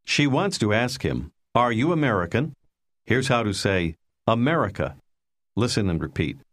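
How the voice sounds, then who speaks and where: A man narrating a language lesson in scripted instructional style, calmly prompting the listener to repeat. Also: on the low side, moderate pace. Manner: calm, patient, prompting the listener.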